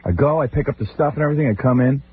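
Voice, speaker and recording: Racing through funny family stories, a middle-aged radio host does exaggerated impressions of his relatives' voices. He has a mid-range voice, and the recording, a lo-fi radio archive that sounds like a phone, carries a little hiss or hum.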